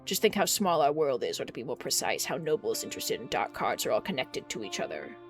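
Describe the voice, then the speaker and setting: A streamer voicing a scheming old crone merchant in a game, sly and mocking, with a drawn-out delivery. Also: mid-range voice, very animated, faint music behind. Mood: knowing. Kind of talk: reading game dialogue aloud.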